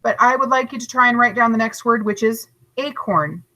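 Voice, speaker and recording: Bright teacher lady doing a recorded lesson for kids, patient, drags words out slow to break syllables. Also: on the high side, rough recording. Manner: slow, overarticulated syllables and spelling; encouraging, patient teacher talk. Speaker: third grade teacher.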